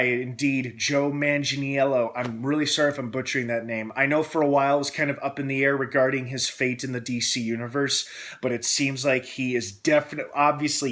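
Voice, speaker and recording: Excitable man gushing over a film. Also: medium pitch. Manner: excitable, gushing, animated retellings. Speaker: film review host. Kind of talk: casual film review vlog.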